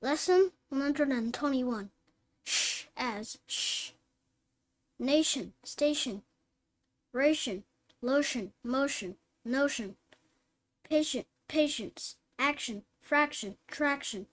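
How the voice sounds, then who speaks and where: A woman reading phonics word lists and practice sentences aloud, one word at a time, slowly and clearly, like a reading teacher. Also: high voice.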